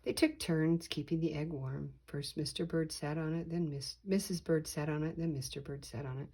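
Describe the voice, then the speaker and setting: An older woman reads a children's picture book aloud, slow and deliberate with lively emphasis. Her voice is low for a woman and slightly husky. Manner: slow, deliberate, expressive reading. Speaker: storyteller.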